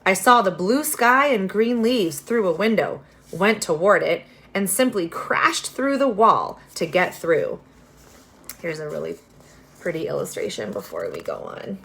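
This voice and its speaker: A woman reading a children's novel aloud, expressive, with casual asides to her listeners. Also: fairly low pitch, a little slow, creaky. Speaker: reader.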